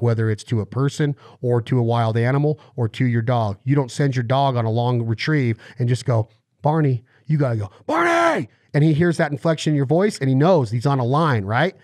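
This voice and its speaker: A man's voice: mid-range voice, darkish tone, dry recording, studio quality. A man hosting a podcast interview, explaining eagerly with analogies and acted-out quotes. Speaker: podcast host.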